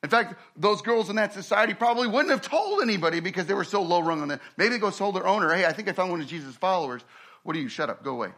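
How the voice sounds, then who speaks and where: A man preaching a sermon, acting out the people in his story and swinging from hushed, slow passages to loud, fast ones. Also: high-pitched, lively intonation. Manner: dramatic preaching, acts out quoted voices, swings from hushed to loud. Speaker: pastor.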